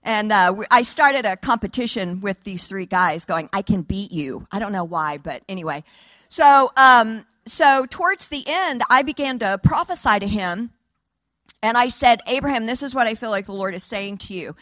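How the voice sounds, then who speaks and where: A woman preacher telling a testimony to a church audience, animated, laughing and acting out dialogue. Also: mid-range voice, moderate pace, no echo. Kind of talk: sermon testimony storytelling.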